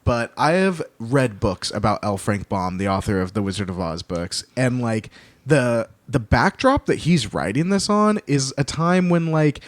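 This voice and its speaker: A man co-hosting a podcast in casual chat, talking in quick, lively bursts. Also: medium pitch, dry recording. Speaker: podcast co-host.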